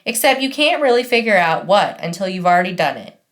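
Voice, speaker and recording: Audiobook narrator: woman, wry first-person read, animated pitch. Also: a little fast. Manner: wry, conversational teen voice.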